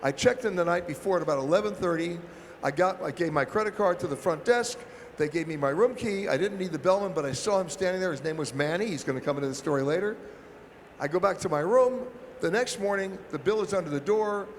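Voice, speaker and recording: A man's voice: sits high, lively intonation, fast. A man on a travel panel, telling wry, punchy anecdotes to an audience. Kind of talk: storytelling panel talk. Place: large expo hall. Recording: echoey expo hall with faint noise.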